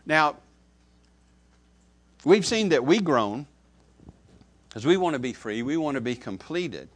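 A man preaching a sermon, who stresses key words loudly, then drops to soft, low asides and repeats phrases to his listeners. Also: sing-song, slow. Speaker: pastor.

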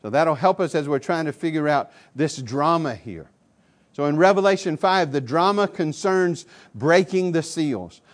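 A male pastor preaching a sermon, swinging between loud emphatic declarations and low quiet asides. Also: lively intonation, normal speed.

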